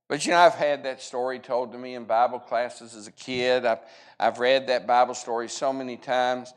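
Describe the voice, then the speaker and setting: A man's voice: mid-range voice, fairly even intonation, moderate pace, clear, resonant tone. Man, Bible class teacher; earnest, conversational, acts out quoted lines as he retells scripture. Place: church classroom.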